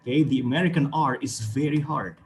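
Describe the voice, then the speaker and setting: A man's voice: medium pitch, fairly quick, slight background noise. Indonesian man teaching English online. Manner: encouraging, repeats words, frequent okay and right.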